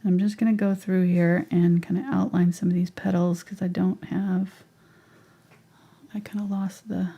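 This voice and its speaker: A middle-aged woman gives a live painting lesson in a husky voice. She chats her way through each step and now and then drops to a murmur as if talking to herself. Her tone stays low and mellow. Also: little pitch movement, moderate pace. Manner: chatty, thinks aloud, drops into whispers to herself. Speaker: painting instructor.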